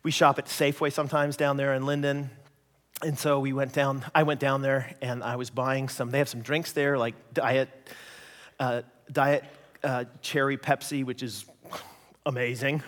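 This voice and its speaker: A Canadian man preaching a sermon, an animated storyteller who acts out voices and jokes at his own expense. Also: mid-range voice, moderate pace, long reverb tail. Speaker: pastor.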